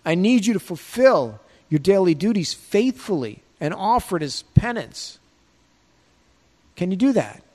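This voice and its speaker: A man's voice: high voice, big pitch swings, a little slow, a little mellow, exaggerated voice. A man voicing the heavenly mother as she pleads for helpers, in a plain conversational way, heard in a long-reverb hall. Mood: asking.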